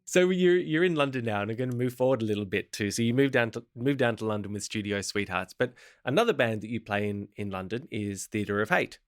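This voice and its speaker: A man's voice: fairly low pitch, lively intonation, fairly quick, hardly any pauses. A man hosting an interview podcast, reading scripted links and asking questions. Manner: brief encouraging interjections, reads scripted links. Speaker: podcast host.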